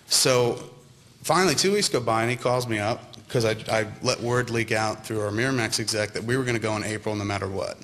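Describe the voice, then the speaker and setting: A man's voice: lowish voice, a little hiss or hum. A man in his thirties telling casual, profane anecdotes to a live audience at a university event, acting out the other people in his stories. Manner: profane, animated, acts out others' lines.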